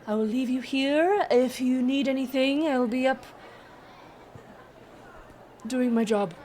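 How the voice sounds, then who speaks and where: A woman voicing a composed female assistant at a magic school, polite and measured. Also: high voice, darkish tone, a faint crowd, slight background noise, voice pushed up.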